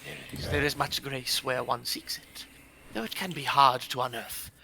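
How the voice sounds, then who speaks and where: A man's voice: mid-range voice, steady tone, moderate pace, gravelly, pushed and bright, a little hiss or hum. A man playing a courteous male wanderer who preserves lost knowledge, speaking in grand, formal phrasing. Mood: courtly.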